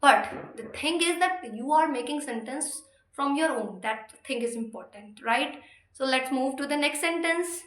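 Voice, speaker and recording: A woman with a high voice teaches English in a relaxed, explanatory way. Her tone is bright, and she restates every point several times. The room around her adds a noticeable echo. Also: measured pace. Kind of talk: informal explanatory lesson. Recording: roomy echo.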